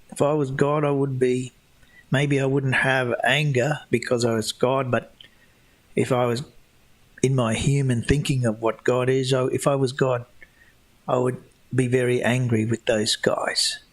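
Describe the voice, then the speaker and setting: A man hosting a casual livestream Q&A, answering chat questions in a rambling way with many restarts and a scornful tone toward flat-earth believers. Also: mid-range voice, normal speed.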